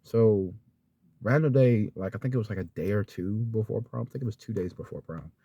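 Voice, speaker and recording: A man's voice: fairly low pitch, brisk, dark tone, breathy edge, no echo, highs cut off. A young man telling a personal story in a vlog. He is sincere and rambling, with lots of fillers, and close to tears at times. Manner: rambling and heartfelt, with many fillers and restarts. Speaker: vlogger.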